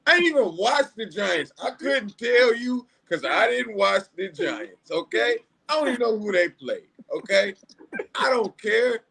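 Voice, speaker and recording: High-pitched dismissive joking man. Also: sing-song, gravelly, sharp tone, husky. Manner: dismissive, playful, dramatic pauses. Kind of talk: casual sports chat.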